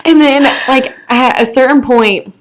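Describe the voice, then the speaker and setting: A woman's voice: high voice, background noise. A young woman from the American Midwest, co-hosting a podcast and telling a story in a casual, chatty way, laughing often and swearing freely. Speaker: podcast co-host.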